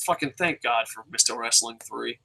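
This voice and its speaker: A man's voice: mid-range voice, normal speed, gravelly, pushed and bright, low-quality recording. A man reviewing a wrestling show in a casual, rambling rant, swearing heavily and jumping between thoughts. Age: adult with a son.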